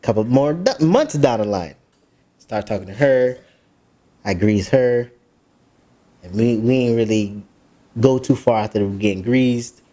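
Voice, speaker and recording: A man's voice: mid-range voice, unhurried, long pauses. A man, a podcast co-host telling a story in casual chat, laughing and acting out the people in it. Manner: animated, laughing, acts out voices in the story.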